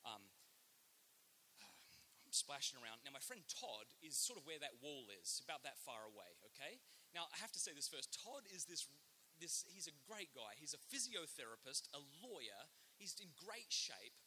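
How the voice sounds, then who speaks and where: Animated Australian man telling a story. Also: fairly high pitch, normal speed, slight background noise. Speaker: speaker giving a talk. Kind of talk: comic storytelling to a live audience.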